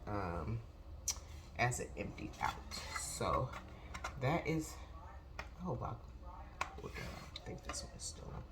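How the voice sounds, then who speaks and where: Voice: medium pitch, noisy background. A crochet vlogger chatting casually and rambling aloud, out of breath as they talk through their market prep. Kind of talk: casual chat.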